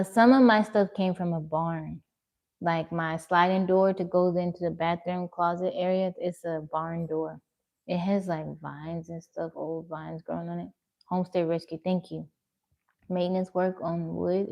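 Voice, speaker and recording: A woman's voice: fairly low pitch, steady tone, moderate pace, gravelly, a little mellow. A woman livestreaming from her home, chatting casually and answering viewer comments one by one. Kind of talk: casual live-stream chat reading comments.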